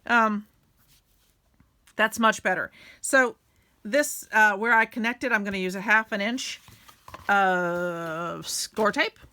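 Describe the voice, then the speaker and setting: Bright chatty woman crafting. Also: medium pitch, takes it slowly, pauses often. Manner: chatty, self-deprecating, talks while working. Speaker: craft tutorial host. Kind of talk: casual craft tutorial.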